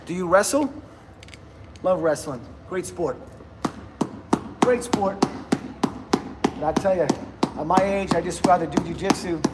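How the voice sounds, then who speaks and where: A man's voice: sits high, fairly even intonation, unhurried, long pauses. Rambling man in his fifties, noisy gym. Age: 50s. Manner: rambling, laughs often, greets chat viewers. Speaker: livestreamer. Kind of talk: casual livestream chat.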